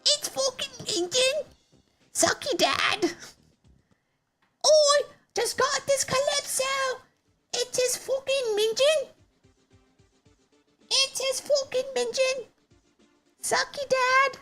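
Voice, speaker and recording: A woman voicing a loud, cheeky British boy with an imitation British accent who yells drawn-out lines. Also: extremely high pitch, music in the background, voice pushed up, exaggerated voice. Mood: yelling. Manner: shouted, drawn-out, brash.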